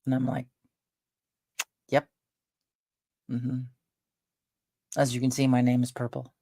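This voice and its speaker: A woman's voice: extremely low pitch, completely flat delivery, slow pace, mellow, no room sound. An older woman chatting casually on her vlog at home, rambling with lots of fillers. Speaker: vlogger. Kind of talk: casual chat.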